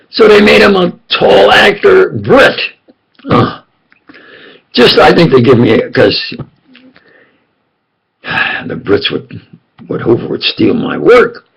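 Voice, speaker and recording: A man's voice: sits high, big pitch swings, slow pace, vocal fry, long pauses, fairly bright tone, slightly rough, rough recording. An older man telling rambling, jokey personal stories and often asking if you understand. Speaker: self-styled preacher.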